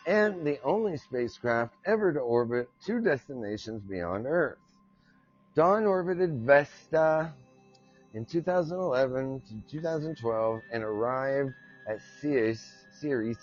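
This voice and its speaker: A man's voice: mid-range voice, lo-fi sound. An American man hosting a podcast, reading out facts and drifting into rambling, self-mocking jokes. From United States. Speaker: podcast host. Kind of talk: joking solo podcast reading.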